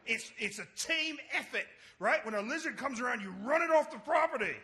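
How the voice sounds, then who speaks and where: A man voicing a blunt, bossy man who lectures loudly. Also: high voice, lively intonation, a little slow, gravelly, exaggerated voice. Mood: scolding. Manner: loud, scolding, lecturing.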